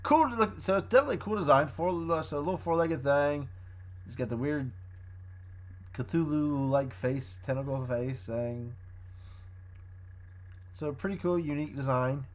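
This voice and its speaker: A man's voice: fairly high pitch, moderate pace, pauses often. Rambling man recapping a show. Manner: rambling, self-correcting plot recap. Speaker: show reviewer. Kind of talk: casual spoken review.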